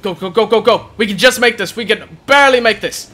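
A man giving excitable live gameplay commentary as a gaming channel host, shouting and groaning at the game. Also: high-pitched, fairly quick, faint music behind.

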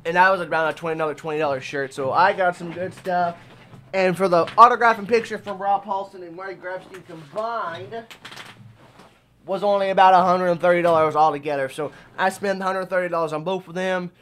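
A man's voice: high-pitched, fairly quick, fairly bright tone. Chatty, breathless man vlogging a haul. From Arkansas. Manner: chatty, rambling, with fillers. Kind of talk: casual vlog haul talk.

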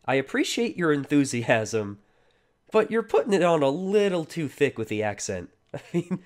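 A man's voice: fairly high pitch, big pitch swings, normal speed. A man giving casual, sarcastic gameplay commentary with jokey asides. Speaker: gaming YouTuber.

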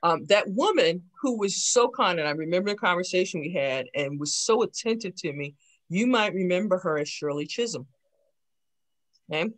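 A woman in her sixties from New York City, giving a lively talk about her life and acting out remembered conversations. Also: on the low side, normal speed. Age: 60s. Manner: lively storyteller who acts out remembered dialogue. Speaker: invited speaker, town council member. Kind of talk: personal storytelling talk.

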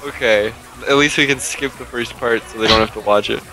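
A young man co-hosting a gaming session gives chatty, joking commentary while playing a video game with a friend, laughing at the chaos on screen. His medium-pitched voice is brisk, and the poor audio has music underneath.

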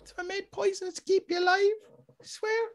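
A woman voicing a small, guilty gnome woman who wails and sobs as she confesses, her voice squeaking between laughter and tears. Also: level tone, fairly quick. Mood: desperate. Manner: high squeaky wail, laughing and crying as she pleads. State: crying. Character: sobbing, shrill little gnome woman, guilty and desperate.

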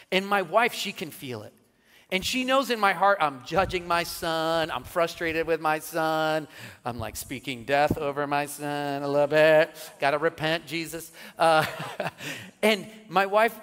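Animated man preaching in a reverberant church. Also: a little high. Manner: animated storytelling with jokes and laughter. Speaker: pastor. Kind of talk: sermon. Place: church sanctuary. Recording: church hall with long reverb.

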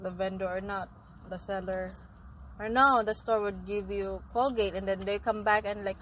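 A woman's voice: mid-range voice, fairly even intonation, moderate pace, a little hiss or hum. A young woman from the Philippines with a Filipino accent, chatting casually for her vlog and explaining things with restarts and little laughs. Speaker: vlogger. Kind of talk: casual chat.

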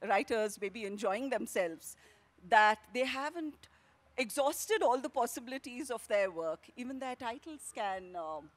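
A woman novelist with an Indian English accent, speaking thoughtfully on a festival panel with many pauses and fillers. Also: a little high, animated. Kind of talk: panel discussion and reading from her novel.

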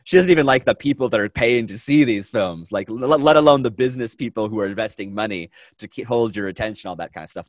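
Guy lecturing his film class, lowish voice, chatty and animated, dry sound. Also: fast talker, few pauses, dry recording. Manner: animated, conversational, asks the class questions. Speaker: film teacher.

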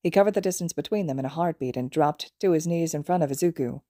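A woman narrating fan fiction as an audiobook, in a calm, even storytelling manner. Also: sits low, fast talker, no room sound, studio quality. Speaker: podfic reader.

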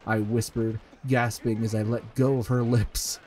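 A man with an English accent hosts a comedic reading of fan fiction, often laughing and stumbling through halting asides. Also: medium pitch, level tone, darkish tone. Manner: breaks into laughter, halting asides full of fillers. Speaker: host reading a fanfic aloud. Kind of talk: comedic dramatic reading with commentary.

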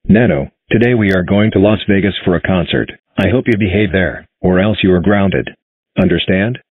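A man's synthetic voice playing a stern, flat-sounding cartoon father who scolds his child. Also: sits low, moderate pace, slightly rough, dry recording, narrow, tinny audio. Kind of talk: text-to-speech cartoon dialogue.

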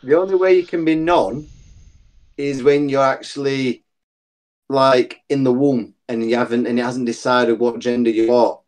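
A man's voice: mid-range voice, fairly even intonation, normal speed, darkish tone. A man chatting on a podcast, telling anecdotes in a matter-of-fact way. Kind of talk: casual chat.

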